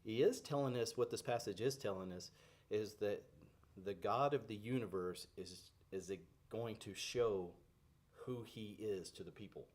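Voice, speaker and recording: A man's voice: lowish voice, unhurried, a little mellow. A man giving an earnest, conversational devotional talk on faith, with frequent fillers and restarts. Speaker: Christian devotional speaker. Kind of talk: casual devotional teaching.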